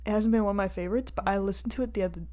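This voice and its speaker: A woman's voice: medium pitch, fairly even intonation, rapid-fire, darkish tone. A woman in her twenties co-hosting a podcast, giggly and telling stories in casual chat. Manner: giggly, storytelling. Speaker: podcast co-host.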